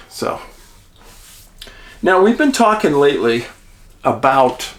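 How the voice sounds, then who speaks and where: A man's voice: a little high, a bit bright. Folksy male show host. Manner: folksy, chatty, addresses listeners as friends. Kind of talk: casual monologue.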